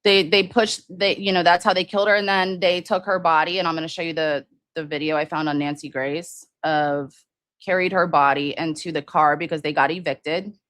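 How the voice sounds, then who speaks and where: A woman's voice: low voice, steady tone, normal speed, a bit bright, dry recording. Rambling woman hosting a crime livestream. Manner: rambling, many fillers and restarts, reads viewer comments. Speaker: livestream host. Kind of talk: casual true-crime livestream chat.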